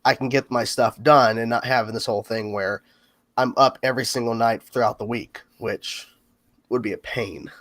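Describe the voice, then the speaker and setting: A man hosting a casual livestream chat, talking in quick asides. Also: medium pitch, steady tone, a bit bright, no room sound. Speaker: host.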